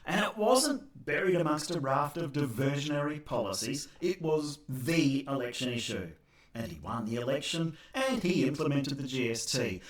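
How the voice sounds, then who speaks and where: An Australian man, an accountant, giving a sardonic opinion monologue, dry and wry with animated bursts. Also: mid-range voice. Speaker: accountant vlogger. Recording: echoey room.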